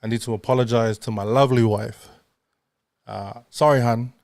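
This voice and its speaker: A male radio host chats casually and pokes fun at himself, often breaking into laughter. His voice sits at an ordinary middle pitch. The studio sound is dry and close. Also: steady tone, moderate pace, darkish tone, no echo. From not London. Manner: chatty, self-mocking, laughs often. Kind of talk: casual chat.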